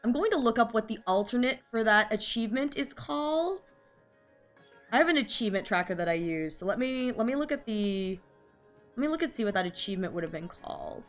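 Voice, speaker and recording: A woman streams a video game, reading dialogue aloud in a high, animated, brisk voice over soft background music. Teary and sniffly from crying, she gushes effusively, saying again and again how "so sweet" the story is.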